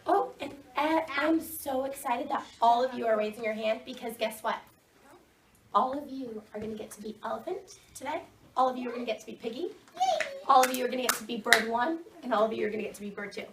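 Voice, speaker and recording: A woman with a fairly high voice runs a second grade reading lesson, upbeat and directing the children. She is picked up from across the room, and the classroom echoes around her. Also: fast, recorded from a distance, slight background noise.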